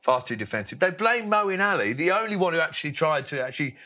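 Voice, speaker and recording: A man's voice: fairly high pitch, sing-song, fast talker, pushed and bright. A man, a former cricketer co-hosting a podcast, giving opinionated, jokey takes in casual chat.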